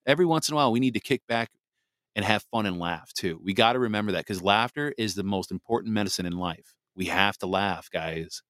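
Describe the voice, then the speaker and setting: A man's voice: on the low side, quick pace, fairly bright tone, dry recording, studio quality. A man hosting a podcast, talking on his own in a casual, rambling way, full of fillers and restarts. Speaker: podcast host. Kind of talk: casual solo podcast monologue.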